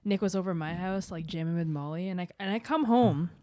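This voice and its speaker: A woman's voice: fairly low pitch, fast talker, dark tone, dry recording. A woman guest on a podcast, chatting casually and teasing, telling stories in a playful way. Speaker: guest musician. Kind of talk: casual chat.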